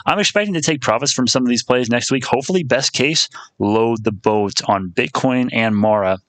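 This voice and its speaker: A man's voice: mid-range voice, moderate pace, a bit bright, no room sound. A young man chatting casually on a live stream about stocks, rambling, restarting his phrases and calling viewers "my friend".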